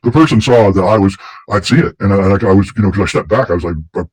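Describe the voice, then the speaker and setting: Host, male, husky and low, rambles fast through stories. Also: darkish tone, no echo, low-quality recording. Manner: rambling storyteller, many restarts. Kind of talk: casual conversation.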